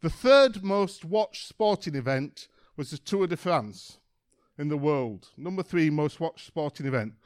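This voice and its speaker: A church speaker with a slightly high, expressive voice talks a little slowly. He tells a story informally and chattily, full of ums and kind-ofs.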